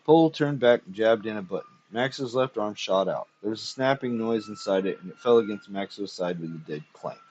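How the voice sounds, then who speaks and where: A man giving a dramatic story reading in a steady, measured way with a husky voice. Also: on the low side, slight background noise. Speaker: reader. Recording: dull lo-fi recording.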